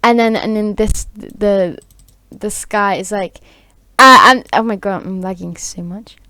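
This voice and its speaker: A woman's voice: medium pitch, unhurried, bright, forceful tone, no room sound. A woman improvising a rambling story, full of fillers and restarts, on a close home mic. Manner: rambling, filler-heavy, giggly.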